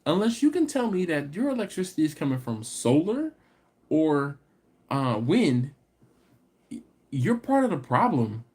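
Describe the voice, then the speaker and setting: A man hosting a barbecue channel's live stream, chatting casually and answering viewer comments, animated and laughing, climbing into exasperated rants. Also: fairly high pitch, unhurried, pauses often, breathy edge.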